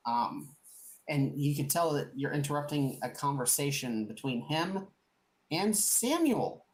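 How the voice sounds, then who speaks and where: A woman's voice: very deep voice, normal speed, darkish tone. A woman narrating as game master of a tabletop game, describing scenes in a rambling way with many restarts.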